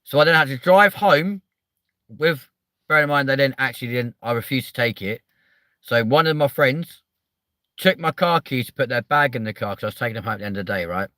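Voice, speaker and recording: A young man hosting a livestream, chatting in a rambling, sweary way that jumps up in pitch when he gets riled. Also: fairly quick, bright, forceful tone, dry recording. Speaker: livestream host. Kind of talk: casual livestream chat.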